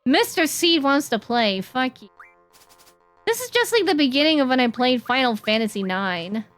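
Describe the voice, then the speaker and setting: High-voiced woman streaming a game. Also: lively intonation, moderate pace, fairly bright tone, faint music behind. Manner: playful, swears, reads game dialogue aloud. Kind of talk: casual gaming stream commentary.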